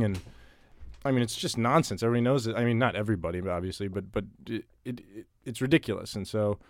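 A man's voice: fairly low pitch, fast talker. A man being interviewed about his writing, talking casually and thoughtfully, often restarting and repeating words. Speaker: interviewee, writer.

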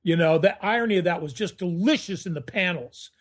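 A man chatting as a guest on a podcast, telling rambling, animated stories. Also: high-pitched, brisk. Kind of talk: casual podcast chat.

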